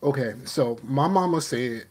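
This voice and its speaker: A man's voice: medium pitch, lively intonation, unhurried, a little mellow. A man hosting a podcast in loose, rambling casual chat, laughing often as he talks. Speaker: podcast host.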